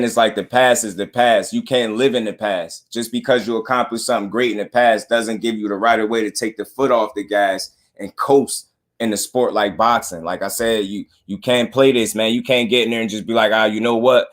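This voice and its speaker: A man hosting a live boxing talk stream, speaking in an animated, slangy, repetitive way to his chat. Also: fairly low pitch, moderate pace. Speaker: boxing talk show host.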